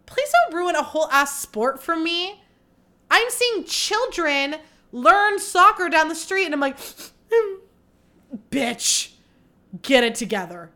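A young woman runs her own podcast and rants openly about dating, dramatic and poking fun at herself. She swears freely and swings between loud outbursts and quiet mutters in this candid solo monologue.

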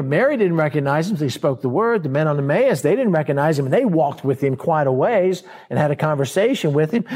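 A man preaching a verse-by-verse sermon in a conversational way, slowing down to stress key words and acting out scenes in quoted voices. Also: a little high, darkish tone. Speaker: pastor.

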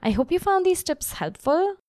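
Lively woman giving a writing lesson. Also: extremely high pitch, moderate pace, no echo, studio quality. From grew up in Bombay, India. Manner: expressive, reads example copy aloud. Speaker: copy coach and podcast host.

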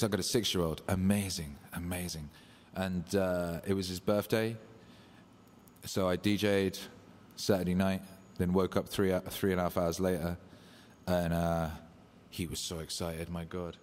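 A man hosting a casual livestream, hyped and loose, swearing and shouting out viewers. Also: deep voice. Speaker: livestream host. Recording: echoey room with long reverb.

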